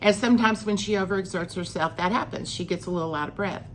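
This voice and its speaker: A woman's voice: fairly low pitch, fast talker, a little hiss or hum. A middle-aged woman, telling a personal story in a chatty vlog, acting out what people said. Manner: chatty, acts out quoted lines with rising emphasis. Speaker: vlogger.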